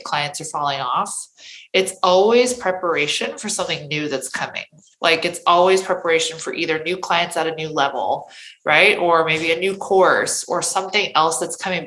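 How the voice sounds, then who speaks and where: A woman's voice: sits low, pushed and bright. A woman hosting a podcast in casual interview chat, chatty and often tagging her lines with "right?". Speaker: podcast host. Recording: echoey room.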